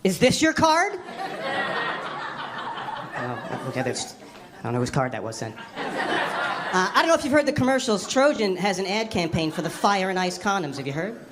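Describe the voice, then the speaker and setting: A woman doing a stand-up comedy set on a club stage, wry and animated, jumping into squealy voices for the people she quotes. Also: lowish voice, a little fast. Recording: live club recording with crowd laughter. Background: audience laughing.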